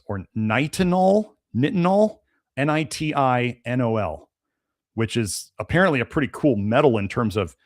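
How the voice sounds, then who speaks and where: A man hosting a live-stream Q&A, answering chat questions in a casual, rambling way with many fillers and restarts, and sounding a little congested. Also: mid-range voice. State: slightly congested, sneezy. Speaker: host of a health podcast.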